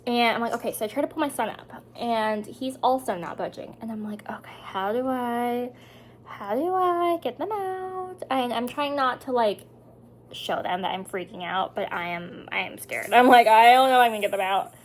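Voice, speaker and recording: A woman's voice: fairly high pitch, a little fast, slight background noise. A woman in her thirties telling a story in casual chat to the camera at home, often dropping into whispers. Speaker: vlogger. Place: home indoors.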